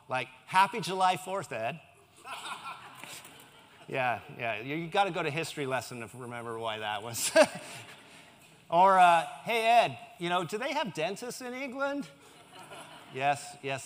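A male pastor delivers a sermon in a relaxed, conversational way and drops light jokes to the congregation. His voice sits a bit high for a man. A long reverb trails every phrase, as in a large church hall. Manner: conversational, with joking asides to the congregation.

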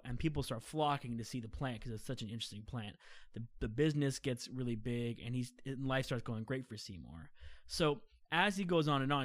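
A man of ordinary pitch chatting on a podcast. He rambles through a story, stacking fillers and restarts and laughing along the way. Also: no room sound. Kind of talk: casual chat.

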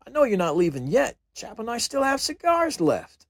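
A man's voice: extremely high pitch, huge pitch swings, moderate pace, dry recording, studio quality, pitched above the performer's own voice, exaggerated voice. A man voicing a proud male army sergeant who lectures about cigars in a grand, knowing way. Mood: teasing.

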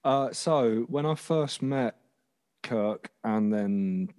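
A man's voice: medium pitch, very slow, a little mellow, smooth. A young man, chatting casually on a podcast about music, rambling with restarts and casual swearing. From England. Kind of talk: casual chat.

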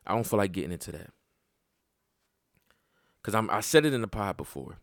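A man hosting a podcast, telling a personal story in casual, profane talk that climbs sharply in pitch when he gets worked up. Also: fairly quick, gravelly, dry recording, clean studio sound. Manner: animated and profane, voice jumping up when heated. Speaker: podcast host.

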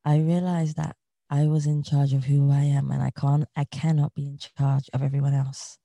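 A woman speaks as an interview guest in an earnest, motivational way, circling back to the same phrases. Her voice is dark and mellow with a gravelly edge. The sound is close and dry, with no room around it. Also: extremely low pitch, little pitch movement, normal speed, no echo. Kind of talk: reflective interview talk.

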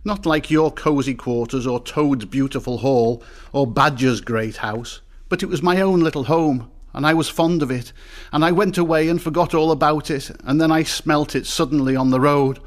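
A man's voice: a little high, moderate pace, lightly acted. A man voicing a small, timid male mole who is crying and pleading in broken, rising phrases. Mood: tearful pleading.

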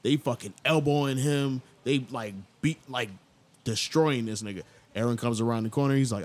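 A man hosting a casual podcast, retelling an anime scene in an animated, storytelling way. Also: moderate pace. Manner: animated storyteller, jumps into loud high voices for quoted characters. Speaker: podcast host.

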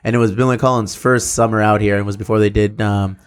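A man's voice: lowish voice, fairly even intonation, fast. A man hosting a casual chat, recalling old shows as an eager, chatty fan who swears casually.

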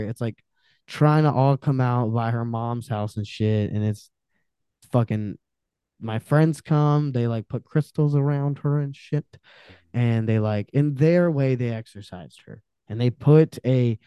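A man tells a story as a guest on a podcast, animated and swearing freely as he acts out what people said. His voice is mellow and smooth. The sound is dry and close. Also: medium pitch, no room sound. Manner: animated, profane, acts out quotes. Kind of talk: casual storytelling.

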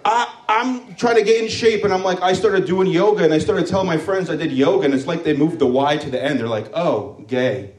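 With a voice that sits high and a darkish tone, a man in his thirties from Morocco talks a little fast with few pauses. He's doing crude, rambling stand-up at a comedy club, slipping into mocking voices, heard from a distance in roomy club sound.

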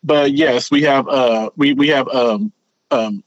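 A man co-hosting a podcast in casual chat, rambling and animated, often repeating words as he thinks. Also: mid-range voice, slow pace, dry recording. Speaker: podcast co-host. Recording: dull, lo-fi sound.

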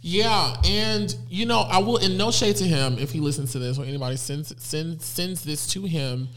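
Podcast guest, man in his twenties, candid and sassy, slightly higher voice. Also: moderate pace. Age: 20s. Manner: candid, sassy, animated storytelling. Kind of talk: casual chat.

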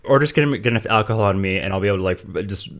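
A man's voice: lowish voice, rapid-fire, vocal fry, fairly bright tone. A man co-hosting a podcast, talking eagerly and rambling with many restarts. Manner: rambling, full of fillers and restarts, enthusiastic. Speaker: podcast co-host. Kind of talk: casual chat.

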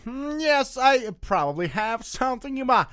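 A man's voice: extremely high pitch, sing-song, normal speed, fairly bright tone, pitched above the performer's own voice, exaggerated voice. A man voicing a smug male doctor who speaks with flowery politeness that turns to menace. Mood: threatening. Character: smug male Texan doctor, grand and threatening.

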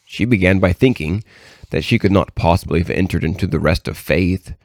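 Deep-voiced man reading a devotional text. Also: a little fast, darkish tone, no room sound, clean studio sound. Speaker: reader.

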